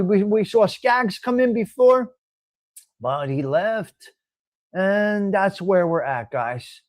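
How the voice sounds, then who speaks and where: This live stream host from North Jersey, accent and all, takes it slowly in a high, animated voice, captured in a dry recording. He keeps things casual, blunt and profane while calling out viewer names.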